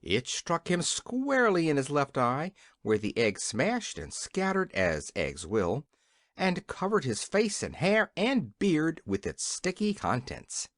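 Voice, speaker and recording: A man narrating a classic children's fantasy audiobook with expressive storytelling. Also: on the high side, takes it slowly, dry recording, clean studio sound. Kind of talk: scripted narration.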